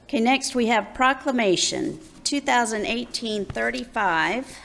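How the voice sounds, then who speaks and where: Gravelly-voiced woman chairing a meeting. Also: a little high, expressive, unhurried, fairly bright tone. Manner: plain, conversational thanks and announcements. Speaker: presiding council official. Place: council chamber.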